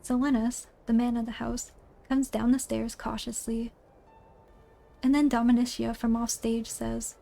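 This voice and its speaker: A woman's voice: fairly high pitch, flat delivery, a little slow, creaky, dark tone. A woman narrating a spooky play aloud, reading the stage directions in a plain storybook way.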